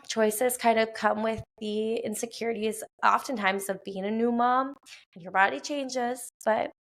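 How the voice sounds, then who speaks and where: A woman in her thirties with a Wisconsin accent and a fairly high, gravelly voice hosts a casual solo podcast from her quiet home at night. She's chatty, with lots of fillers and quick laughs.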